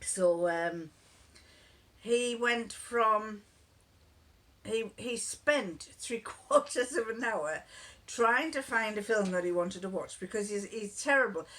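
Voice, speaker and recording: A woman's voice: medium pitch, takes it slowly, a bit bright. A woman chatting casually to camera, rambling and digressive as she tells homely stories. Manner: rambling, digressive, laughs often. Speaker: vlogger.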